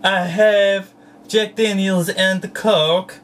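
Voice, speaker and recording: A toy vlogger talking casually to a camera at home, playful and childlike in grammar, breaking into excited squeals. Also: medium pitch, drawn-out words, distant mic. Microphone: camera close up.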